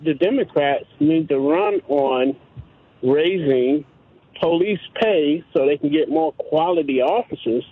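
A man's voice: on the high side, animated, slightly rough, no echo. Earnest, hesitant male caller over a tinny phone line. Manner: earnest, hesitant, many filler pauses. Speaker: radio caller. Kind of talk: call-in radio talk.

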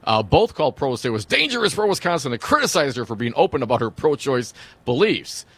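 A man's voice: medium pitch, sing-song, quick pace, fairly bright tone, no room sound. A man co-hosting talk radio, reading news copy with wry, conversational remarks.

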